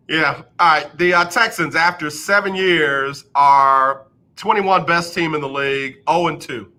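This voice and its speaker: A man talking sports on the radio in a loose, joking way, with a bright and fairly high voice. He leans on sarcasm and likes to say a punchline twice. He recaps a team ranking in casual chat. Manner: sarcastic, repeats lines for comic effect. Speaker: radio show host. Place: radio studio.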